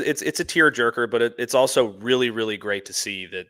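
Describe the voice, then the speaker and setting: A man's voice: mid-range voice, brisk, sharp tone. A Texan man co-hosting casual sports talk, eager and stammering, often saying "man" and "dude". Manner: enthusiastic, stammers and restarts, says "man" and "dude". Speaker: sports talk show co-host.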